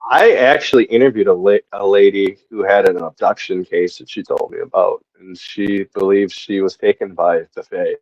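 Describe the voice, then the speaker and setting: A laid-back man from the northern United States, chatting as a podcast guest with a lowish voice and an easy laugh. His sound is dry and a little dull, with no room around it. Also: steady tone, normal speed, hardly any pauses, a little mellow, dry recording. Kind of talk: casual chat.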